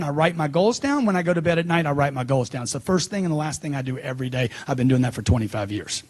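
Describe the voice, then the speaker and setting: A middle-aged man delivers a seminar speech in a high, husky voice. He is punchy and emphatic and hammers points home by repeating them. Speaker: motivational speaker.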